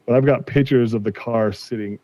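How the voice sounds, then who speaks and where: This forties-aged car collector, guesting on a podcast, recounts a dispute in a relaxed way, voicing the quoted exchanges himself. He speaks a little fast in a mellow, steady, mid-range voice, and the sound is dry and a touch dull.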